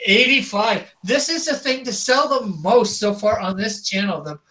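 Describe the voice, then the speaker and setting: High-voiced man calling an auction. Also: moderate pace, noisy background. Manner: repeats bid calls, chuckles between calls. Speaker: auction host. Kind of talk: live-stream art auction calling.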